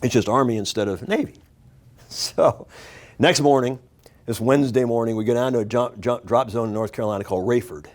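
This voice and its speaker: A man in his sixties tells a story as a talk show guest. He talks with animated energy and acts out the voices and shouts of the people in it. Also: medium pitch, fairly quick.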